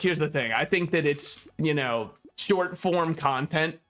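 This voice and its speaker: A man's voice: fairly high pitch, a bit bright. A young man casually commentating a game he is playing, rambling and joking with frequent laughs. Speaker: gaming YouTuber.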